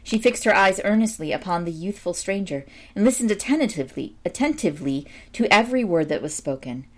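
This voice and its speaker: A woman reading a storybook aloud at a steady pace, now and then stumbling and correcting herself. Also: medium pitch, a little fast. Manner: steady reading with small slips and self-corrections. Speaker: storybook reader.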